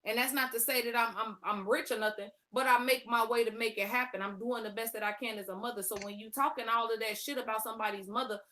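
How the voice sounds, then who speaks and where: A woman co-hosting a live stream, firing off profane, cutting comebacks. Her voice is high and bright. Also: steady tone, quick pace, hardly any pauses. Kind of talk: heated live commentary.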